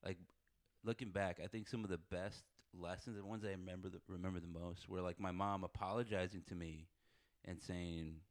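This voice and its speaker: A man's voice: low voice, fairly even intonation, normal speed, no room sound, studio quality. A man talking casually about parenting, rambling with many fillers and short laughs. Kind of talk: casual chat.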